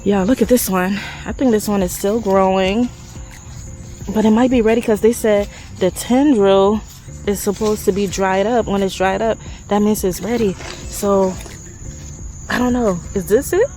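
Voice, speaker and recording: Woman, casual garden vlog, chatty, excitable, outdoors, faint music behind. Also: medium pitch, normal speed, poor audio. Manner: chatty, excitable, talks to viewers as y'all. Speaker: garden vlogger.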